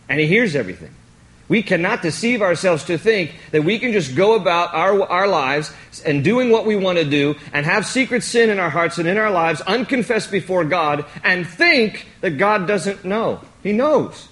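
Animated, high-voiced male preacher. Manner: animated, joking, emphatic repetition. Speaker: pastor. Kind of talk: sermon.

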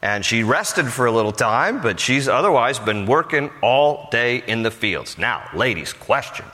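A man's voice: medium pitch, lively intonation, measured pace, bright, forceful tone. A man preaching a sermon, joking conversationally and telling the story with plenty of animation. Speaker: pastor. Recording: hall reverb.

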